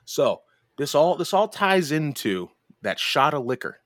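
A man's voice: measured pace, no room sound, clean studio sound. Foul-mouthed man telling a rowdy story. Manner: profane, animated, bursts into high mimicking voices. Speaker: podcast host. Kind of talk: casual storytelling chat.

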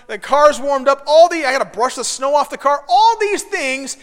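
Male pastor, 30s, high-pitched and bright, lively self-deprecating storyteller, long hall reverb. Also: moderate pace. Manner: animated, self-deprecating storyteller who builds to shouts. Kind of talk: sermon with personal storytelling.

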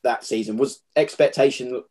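Husky-voiced male host, casual interviewer, quick friendly questions. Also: medium pitch, mellow. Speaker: podcast host.

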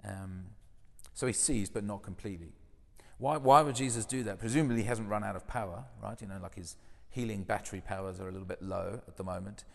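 Low gravelly preacher in a hall. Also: male voice, fast, a bit bright. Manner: conversational, rhetorical questions, builds with emphasis. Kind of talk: sermon.

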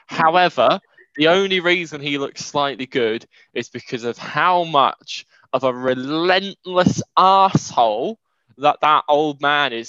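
A man's voice: sharp tone, clean tone, no room sound, highs cut off. A young man, co-hosting a casual podcast, explaining things with dry humor. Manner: explanatory, dry humor, rants with rising pitch. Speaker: podcast co-host. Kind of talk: casual chat.

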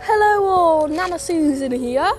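A woman's voice: a little high, animated, moderate pace, faint music behind, close to an everyday voice. A woman voicing a gossiping, crude old grandmother, telling rambling comic stories full of swearing. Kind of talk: comic storytelling monologue.

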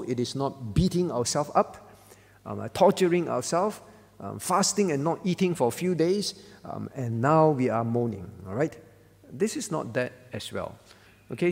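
This man's mid-range, darkish voice carries vocal fry and a big-room sound. He's a pastor giving a conversational sermon at a church-hall prayer meeting, frequently asking his congregation "all right?".

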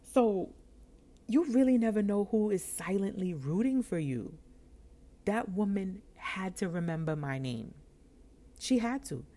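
A woman's voice: mid-range voice, unhurried. A woman in her thirties from New York, hosting a podcast and telling a personal story, acting out the dialogue with laughs. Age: 30s. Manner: animated, acts out dialogue with laughs. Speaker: podcast host.

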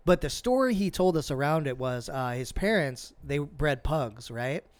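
A man co-hosting a podcast, telling a long story in casual, profane chat and acting out the quotes with lively swings. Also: a little high, moderate pace, no echo. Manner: animated, profane, acts out quotes. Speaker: podcast co-host.

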